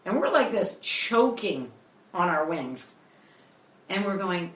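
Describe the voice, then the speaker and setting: A woman's voice: fairly low pitch, slow pace, pauses often, a little hiss or hum. A woman co-hosting a casual chat, telling a funny story with lots of laughter and acted-out quotes. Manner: animated storyteller, acts out quotes, laughs often. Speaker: co-host. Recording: echoey room, mic at a distance.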